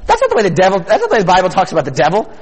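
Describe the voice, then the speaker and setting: A man giving an energetic youth sermon at a retreat, talking casually and often asking his listeners questions. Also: high-pitched, racing, breathy edge, in a large hall, poor audio. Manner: energetic, conversational, asks the audience questions.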